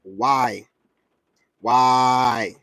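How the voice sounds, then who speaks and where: A man's voice: mid-range voice, fairly even intonation, drawn-out words, fairly bright tone, no room sound. A man, ranting bluntly and confrontationally in casual talk, peppered with repeated filler asides. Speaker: commentator vlogger. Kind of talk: casual rant to camera.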